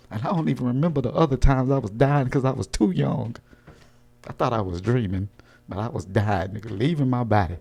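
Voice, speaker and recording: A man's voice: mid-range voice, brisk, vocal fry, a little mellow. A young man in his twenties chatting casually at home into a desk mic, joking loosely, laughing often, and using a lot of slang. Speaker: vlogger. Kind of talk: casual rambling chat.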